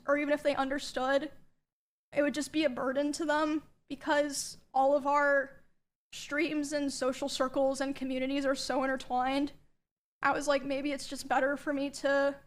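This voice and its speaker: A young woman streamer quietly recounting a personal story, hesitant with many pauses. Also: high voice. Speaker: streamer telling her story. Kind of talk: personal confessional narration.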